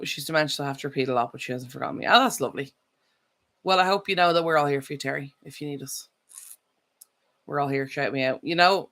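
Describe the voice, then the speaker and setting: A woman's voice: low voice, a bit bright. A woman chatting casually on a live stream, rambling and correcting herself as she goes. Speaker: vlogger.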